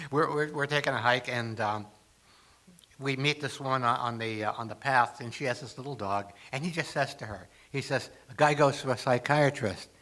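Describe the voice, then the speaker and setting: A man's voice: mid-range voice, normal speed, sharp tone. An older man speaking as a guest at a spiritual gathering, telling humorous stories with acted asides. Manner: storytelling with jokes and acted asides. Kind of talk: humorous talk to a congregation.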